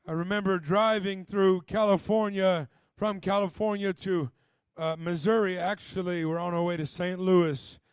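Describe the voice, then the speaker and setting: A young evangelist from Los Angeles with a high voice, preaching a Pentecostal sermon. He leans on "uh" before his phrases, drops "man" and "bro" into his stories, and pushes into shouts of fervor. The sound is close and dry. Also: fairly even intonation, moderate pace, clear, resonant tone, dry recording. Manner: says "uh" before many phrases, shouts with rising fervor in the exhortation; conversational storytelling with "man" and "bro". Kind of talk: Pentecostal sermon with a personal story.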